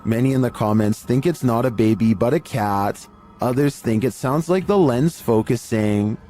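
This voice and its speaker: A man narrates in a calm, deliberate way with a warm, darker timbre. His read is paced like careful storytelling, and soft music sits faintly behind the voice. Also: medium pitch. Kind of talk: scripted narration of a creepy video compilation.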